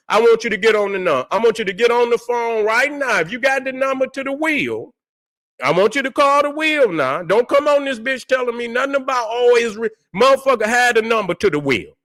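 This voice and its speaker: High-pitched, fiery, swearing male host. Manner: loud, fiery and repetitive, swearing constantly; calls out to viewers, drawling and mocking at times. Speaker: channel host. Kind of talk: profane livestream rant.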